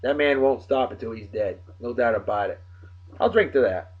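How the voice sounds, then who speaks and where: A man's voice: medium pitch, normal speed, breathy edge. A man hosting a casual video show, rambling with playful, exclamatory asides in a dull lo-fi home recording. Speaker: host. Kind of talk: casual video blog chat.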